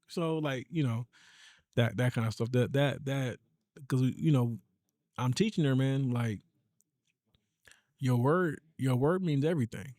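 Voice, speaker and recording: A man's voice: medium pitch, unhurried, pauses often, a little mellow, no echo, studio quality. A man co-hosting a podcast in casual chat, telling stories about raising his daughter in an easygoing way. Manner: easygoing storyteller, acts out stern quotes to his daughter. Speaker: podcast co-host.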